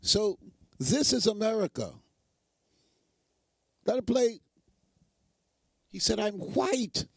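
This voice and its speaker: A man's voice: high-pitched, sing-song, slow, creaky, long pauses, breathy edge, no room sound. A man hosting a show, giving sarcastic, emphatic commentary on news clips and repeating phrases for effect. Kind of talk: mocking live commentary.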